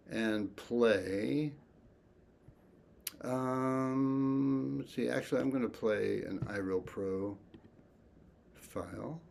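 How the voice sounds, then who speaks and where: A man teaching an online music lesson, speaking softly and thoughtfully and chanting rhythm syllables. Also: lowish voice, creaky.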